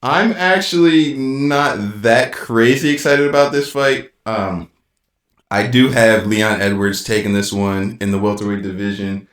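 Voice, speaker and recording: A man co-hosting a casual sports podcast, talking with excited, rambling enthusiasm and frequent restarts. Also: on the low side, unhurried. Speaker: podcast co-host. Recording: roomy echo.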